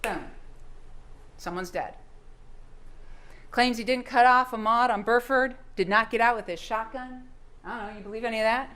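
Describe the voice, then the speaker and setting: A woman's voice: a little high, normal speed, pauses often, a bit bright. A woman prosecutor giving a courtroom closing argument, firing pointed rhetorical questions at the jury. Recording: roomy courtroom sound, faint hum.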